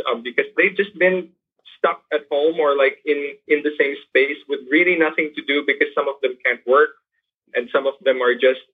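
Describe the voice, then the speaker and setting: A teacher who works with poor youth, speaking earnestly in an interview with frequent restarts and fillers. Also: male voice, medium pitch, slightly rough. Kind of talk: interview over a remote line. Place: lives in Manila. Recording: tinny phone-like line.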